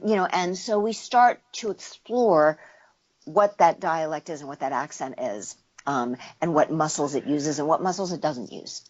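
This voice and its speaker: Woman dialect coach, casual interview guest, a touch low in pitch, slightly muffled recording. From United States. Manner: explanatory, demonstrates sounds with her voice.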